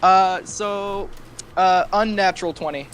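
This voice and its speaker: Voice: mid-range voice, steady tone, unhurried, a bit bright, a little hiss or hum. A player in a tabletop game, chatting eagerly and playfully. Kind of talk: casual tabletop chat.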